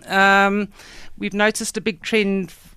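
A woman's voice: mid-range voice, flat delivery, slow pace, sharp tone, clean tone. A woman, founder of a food shop, describing her menu as a guest in a radio studio. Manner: friendly, plain, lists menu items. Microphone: studio microphone.

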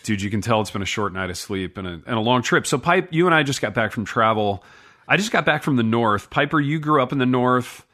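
A man's voice: medium pitch, lively intonation, brisk, sharp tone. A middle-aged man co-hosting a podcast, rambling and joking about himself in casual chat. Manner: rambling, self-deprecating, laughs often. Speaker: podcast co-host.

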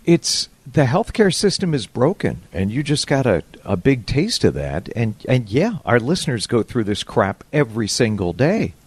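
A man's voice: medium pitch, huge pitch swings, moderate pace, few pauses, slightly rough, no echo. A man co-hosting a radio show, reassuring and opinionated in casual talk. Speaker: radio co-host.

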